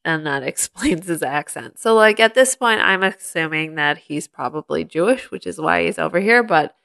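A woman's voice: low-pitched, lively intonation, moderate pace, gravelly, fairly bright tone. A woman co-hosting a podcast, recapping a movie in casual chat and eagerly explaining facts. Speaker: podcast co-host.

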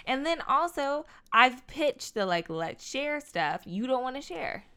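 Lively, playful young woman laughing often. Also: sits high, a little slow, clean tone. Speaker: podcast co-host. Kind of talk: casual couple chat.

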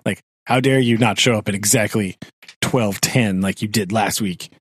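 A man's voice: on the low side, normal speed, a little hiss or hum. A man co-hosting a podcast, rambling casually with frequent "right?" tags and chuckles. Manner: rambling, tag questions, chuckling. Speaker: podcast co-host.

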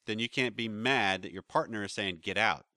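Podcast co-host, male, bright forward tone, low-pitched, talks in long rambling restarts, dry close sound. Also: a little fast, no room sound. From United States. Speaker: podcast co-host, relationship counselor. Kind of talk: casual chat.

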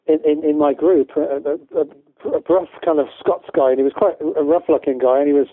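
A man's voice: fairly high pitch, steady tone, fairly quick, no echo. A man from the UK, a guest educator in a casual interview, talking in a rambling way with many restarts. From United Kingdom. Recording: tinny phone-line audio, dry.

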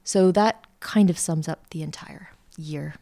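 A middle-aged woman, a podcast guest telling a lively travel story with lots of fillers. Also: deep voice, measured pace. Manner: chatty, animated anecdote-telling with many fillers. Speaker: interview guest, art school founder. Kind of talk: casual storytelling.

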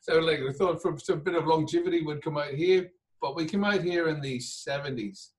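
A man's voice: on the high side, normal speed, distant mic, poor audio. Jokey Northern Irish man, from afar. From Northern Ireland. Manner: jokey, chatty, laughs often. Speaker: business owner guest. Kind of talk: casual interview chat.

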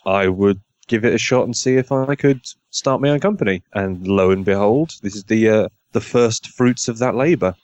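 A man with a low voice talks through his project as a podcast guest, rambling and self-deprecating, often restarting his sentences. The sound is dry and close, with no room around it. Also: normal speed, few pauses, darkish tone, dry recording, highs cut off. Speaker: podcast guest, game designer. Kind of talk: casual interview chat.

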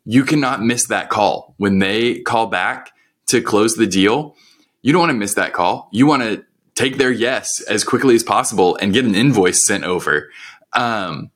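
A man with a deep, low voice talks through business advice on a podcast. His delivery is casual and conversational, and he lays out his points one at a time. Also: normal speed, a bit bright. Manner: conversational, explains step by step with practical advice. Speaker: podcast co-host.

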